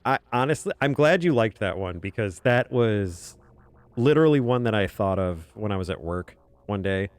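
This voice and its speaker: A man's voice: lowish voice, expressive, normal speed. A man casually chatting on a drawing stream, rambling, chuckling and muttering to himself as he works. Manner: rambling, chuckling, muttering softly while working. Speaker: webcomic artist streaming. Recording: faint music behind.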